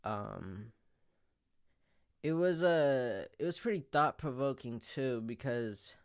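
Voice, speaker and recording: A man's voice: mid-range voice, lively intonation, takes it slowly. A young man giving a casual reflective check-in, rambling and hesitant, full of fillers and the odd swear. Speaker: vlogger.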